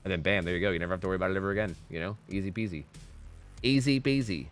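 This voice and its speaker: A man's voice: sits low, little pitch movement, very fast, a bit bright, faint music behind. A man streaming a game live, giving casual commentary, swearing often and chatting with his viewers. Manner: laid-back, swears often, chats with viewers.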